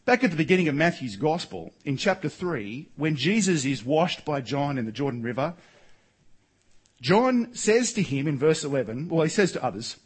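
A man's voice: a little high, sing-song, moderate pace, husky, poor audio. A man preaching a sermon as a pastor, earnest and emphatic, with rhetorical questions. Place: church.

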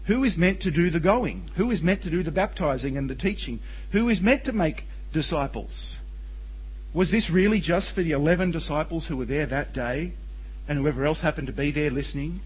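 A man's voice: fairly high pitch, expressive, brisk, husky, poor audio. A man preaching a sermon as a pastor, earnest and emphatic, with rhetorical questions. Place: church.

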